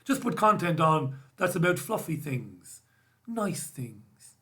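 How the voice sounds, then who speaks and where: A man's voice: on the high side, animated, a little slow, fairly bright tone. An Irish man hosting a live stream, chatting casually and wryly as he reads out viewer comments. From Ireland. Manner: casual, wry, self-deprecating banter. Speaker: host.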